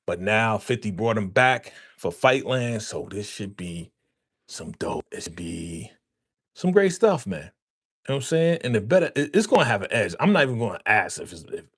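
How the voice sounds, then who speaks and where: A man hosting a casual live stream, talking loosely to his viewers and calling them fam, repeating himself often, on a podcast microphone. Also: on the low side. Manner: loose, repetitive, slangy, addresses viewers as fam. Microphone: podcast dynamic microphone.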